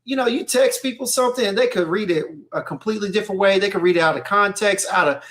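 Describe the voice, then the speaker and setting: A man with a high voice talks casually on a podcast. He is animated and keeps checking in with his listener. His delivery is loose and conversational. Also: quick pace. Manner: animated, repeats "you know what I'm saying". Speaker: podcast co-host. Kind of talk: casual chat.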